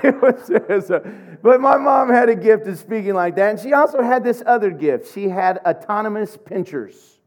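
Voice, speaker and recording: A middle-aged man from Oklahoma preaching a sermon, telling humorous, animated stories. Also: sits high, normal speed. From Oklahoma, USA. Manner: humorous, animated storytelling with laughs.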